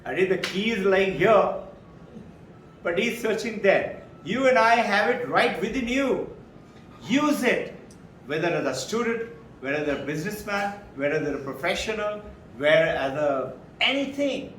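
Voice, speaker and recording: A man's voice: high voice, moderate pace, slight background noise. A middle-aged man gives a spiritual talk to a live audience and acts out the dialogue of the stories he tells. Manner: animated storyteller who acts out quoted dialogue. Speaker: spiritual teacher. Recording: roomy hall, mic at a distance.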